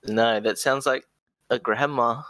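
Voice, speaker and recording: A man from outside the United States, a guest on a casual podcast, dry and deadpan. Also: mid-range voice, measured pace, dry recording.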